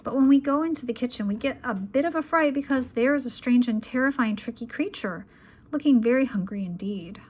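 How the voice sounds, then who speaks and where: A woman reading a children's picture book aloud in a calm, gentle bedtime manner, at times sinking to a whisper. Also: on the high side, brisk. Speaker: children's storyteller.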